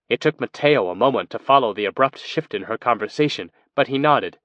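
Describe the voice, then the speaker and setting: Male audiobook narrator, steady scripted reading, dry close sound. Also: mid-range voice, dry recording. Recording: dry, dull lo-fi recording.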